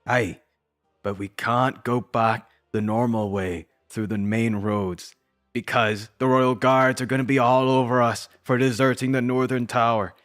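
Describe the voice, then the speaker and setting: A man's voice: medium pitch, fairly even intonation, a little slow, a bit bright, soft background music, natural voice. A man doing a folksy veteran warrior. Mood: serious. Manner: folksy burr, calls others lad and laddie. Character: seasoned male warrior guide, calm and confident.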